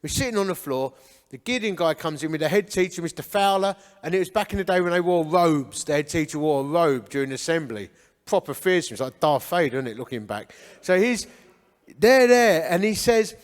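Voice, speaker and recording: A man's voice: high-pitched, lively intonation, a little fast, long reverb tail. Essex man giving his life testimony. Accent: Essex English. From Essex, England. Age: 40s. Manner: storytelling, conversational and earnest. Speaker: men's ministry founder speaking at church breakfast. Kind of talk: testimony talk. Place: church hall.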